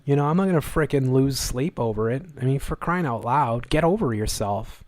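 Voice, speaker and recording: A man's voice: mid-range voice, animated, fairly quick, hardly any pauses, dry recording, clean studio sound. A man hosting a live stream, ranting in angry, sarcastic, repetitive bursts of commentary. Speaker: livestream host.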